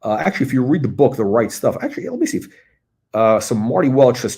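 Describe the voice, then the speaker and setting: A middle-aged man chats casually as host of a live stream. He rambles, circles back and restarts his sentences, with plenty of "uh" and "you know" along the way. His voice sits at an ordinary middle pitch for a man. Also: sing-song, fast talker, a little mellow. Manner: rambling, with many fillers and restarts. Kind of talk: casual livestream chat.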